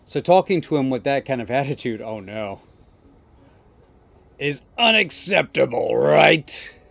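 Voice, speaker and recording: A man's voice: mid-range voice, expressive, unhurried, vocal fry, fairly bright tone, heavily acted. Man voicing a bossy young gang leader. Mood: stern. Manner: scolding, firm. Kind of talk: reading game dialogue aloud.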